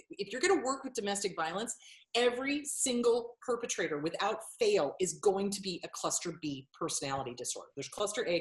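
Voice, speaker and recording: A woman's voice: lowish voice, echoey room. A woman therapist in casual interview talk, blunt and swearing freely, acting out quotes as she explains. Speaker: therapist and author.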